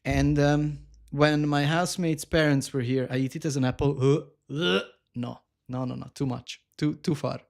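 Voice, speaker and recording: A man chatting casually on a live cooking stream, animated and self-mocking, laughing often and reading viewer comments aloud. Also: on the high side, normal speed, gravelly. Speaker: livestreamer.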